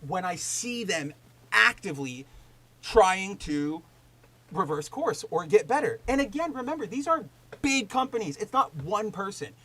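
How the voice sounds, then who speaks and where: Man, podcast host, casual chat, high-pitched, animated, profane, rambling. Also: a little slow, low-quality recording. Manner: loose, rambling with fillers and restarts.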